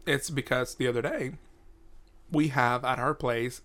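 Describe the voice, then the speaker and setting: A man's voice: mid-range voice, fairly even intonation, unhurried, a bit bright. A man, a drag performer, chatting casually and playfully on a podcast, wandering off topic.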